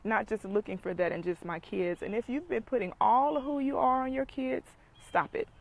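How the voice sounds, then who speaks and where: A woman's voice: a little high, fairly quick, vocal fry, rough recording. A middle-aged woman, giving an emphatic motivational talk as a dating coach and speaker, preaching and repeating points for emphasis.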